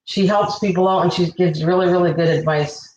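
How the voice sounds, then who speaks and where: A woman hosting a casual cooking livestream, chatting away and warmly thanking viewers by name from her kitchen. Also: lowish voice, steady tone, brisk, muffled recording, slight background noise. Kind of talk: casual live-stream chat. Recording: echoey room.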